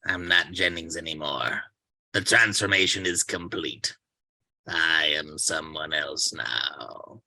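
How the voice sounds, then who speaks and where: A man's voice: very deep voice, slow pace, vocal fry, no room sound, exaggerated voice. A man reading the part of a possessed man who is turning into an alien being, speaking in a strained, eerie way. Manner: strained, eerie, flat mechanical delivery. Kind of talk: amateur script reading.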